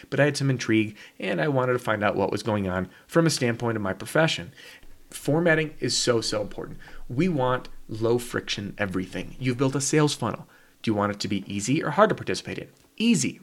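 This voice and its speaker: A man hosting a podcast and teaching with casual, emphatic talk, often asking rhetorical questions and adding "right?". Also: mid-range voice. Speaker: podcast host and copywriter.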